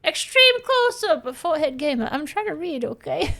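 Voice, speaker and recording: A woman's voice: sits high, sing-song, normal speed, vocal fry, sharp tone. A woman giving casual, playful commentary while she plays a game, reading the screen aloud and swearing now and then. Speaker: streamer playing a game.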